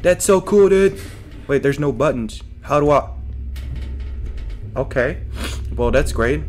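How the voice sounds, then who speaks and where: A man's voice: fairly high pitch, animated, slow, darkish tone. A man giving casual gameplay commentary as a streamer, joking to himself and his chat and yelping at scares. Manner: jokey, talks to himself and chat, yelps at scares. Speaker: let's play streamer.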